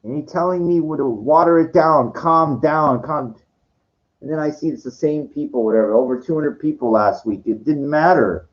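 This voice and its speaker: A man's voice: fairly high pitch, normal speed. A man in his forties ranting about his life, with many stammered restarts, frequent swearing and exasperated outbursts. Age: 40s. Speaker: monologue speaker. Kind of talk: rambling personal rant. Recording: dull lo-fi audio.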